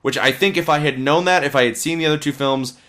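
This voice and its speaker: A man's voice: fairly high pitch, fast, fairly bright tone. Opinionated man rambling about films. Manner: rambling and opinionated, swears freely. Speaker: podcast co-host reviewing films. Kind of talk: casual chat.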